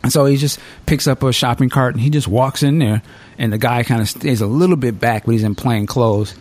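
Animated storytelling podcast host, a man. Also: mid-range voice, fairly quick. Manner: animated storyteller, swears freely. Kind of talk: casual podcast chat.

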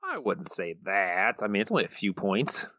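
A man's voice: low voice, expressive, moderate pace, bright, forceful tone, no echo, muffled recording. A man co-hosting a casual podcast, laid-back and dryly understated while running a trivia quiz. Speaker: podcast co-host.

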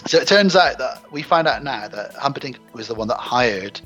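A man's voice: mid-range voice, moderate pace, over music, rough recording. A man hosting a casual film discussion, retelling scenes and acting out the characters' lines. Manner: animated, acts out quoted lines in character. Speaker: podcast host.

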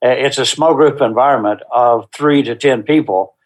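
A man as a guest in an interview, earnestly describing the small-group workshops he leads, with unhurried, faith-driven conviction. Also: medium pitch. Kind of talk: interview answers.

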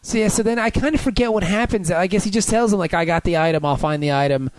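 A man's voice: sits high, quick pace, no echo. A man in casual chat, animatedly retelling an episode with frequent laughs.

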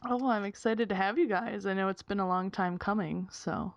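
A woman's voice: mid-range voice, brisk, dry recording. A woman from Minnesota, hosting a podcast in casual banter and laughing often. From Minnesota, USA. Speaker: podcast host. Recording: slightly dull lo-fi audio.

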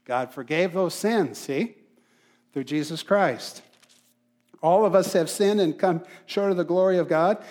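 A man preaching a sermon, emphatic, repeating key phrases and dropping to softer asides. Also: sits high, unhurried. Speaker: pastor.

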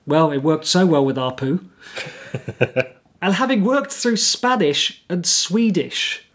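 A man co-hosting a casual podcast, reading through his notes with dry, wry timing. His voice sits a little high and has a husky edge. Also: lively intonation, takes it slowly, fairly bright tone. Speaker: podcast co-host. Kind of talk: casual chat with scripted segments.

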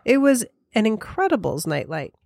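A woman co-hosting a podcast in casual chat, playful and quick to laugh as she reads listener mail. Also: fairly high pitch, very animated, vocal fry, darkish tone, no echo, studio quality. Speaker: podcast co-host.

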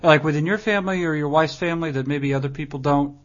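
Dry, teasing podcast host, muffled. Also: male voice, on the high side, fast. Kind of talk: casual podcast banter.

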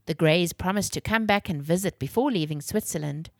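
Clear, expressive woman storyteller. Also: on the low side, fairly quick, no echo, clean studio sound. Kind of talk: children's story reading.

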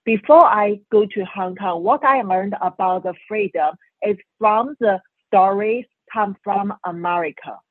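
A woman from China speaks English in earnest, emotional phrases, her first language being Chinese. Her voice comes through a tinny phone line, a little husky and very dry. She talks as a doctor and guest on a radio show. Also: mid-range voice, measured pace, no echo. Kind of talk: radio interview. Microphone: telephone.

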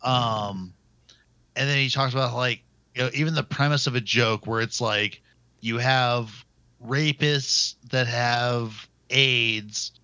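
A man's voice: medium pitch, slow pace, sharp tone, no room sound, highs cut off. A man co-hosting a casual movie chat, rambling with lots of filler words and swearing.

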